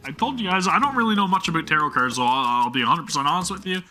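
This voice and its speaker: A man's voice: on the high side, animated, rapid-fire, pushed and bright, soft background music. A man reading a game's story aloud, breaking off for chatty, self-deprecating asides to his viewers. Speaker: gameplay streamer.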